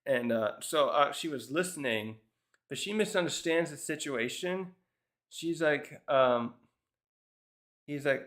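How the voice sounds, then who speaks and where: A man's voice: on the high side, lively intonation, slow, long pauses, a bit bright. A man casually reviewing a manga chapter, thinking aloud with frequent restarts and fillers. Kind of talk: casual rambling commentary.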